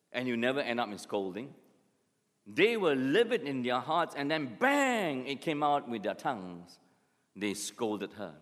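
A man preaching a sermon as pastor, telling stories with lively acted asides. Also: mid-range voice. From Singapore. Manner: animated storytelling with acted asides. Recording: long hall reverb.

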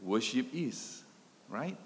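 A man delivers a sermon at a slow, deliberate pace, building phrases with repetition and letting his voice swell, then fall away to near quiet. His voice rings out with a long hall reverb around it, as in a church. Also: medium pitch, lively intonation, a little hiss or hum. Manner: dramatic swells and drops in loudness, emphatic repetition. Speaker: preacher.

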